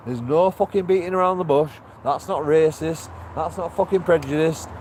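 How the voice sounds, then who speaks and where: A man's voice: fairly high pitch, a little mellow, a little hiss or hum. Heated, swearing man outdoors. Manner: heated, profane ranting. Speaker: vlogger. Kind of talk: walking street vlog rant. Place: outdoors on a town street.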